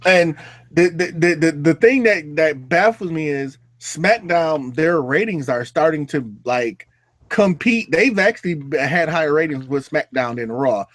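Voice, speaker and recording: A man's voice: fairly high pitch, lively intonation, measured pace, no room sound. A young man co-hosting a casual livestream chat, swearing freely and laughing often. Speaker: livestream co-host.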